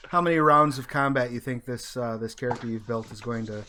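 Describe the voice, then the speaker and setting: A man's voice: medium pitch, a crowd in the background. A man running a tabletop character creation session as game master, talking over a video call and often stopping and restarting his sentences. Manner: halting, stops and restarts often.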